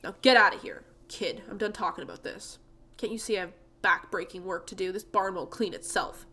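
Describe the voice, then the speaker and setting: A woman voicing a gruff, grieving old male farmer in a game, speaking loudly and curtly. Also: medium pitch, steady tone, a little fast. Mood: bitter. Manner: loud and curt. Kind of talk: reading game dialogue aloud.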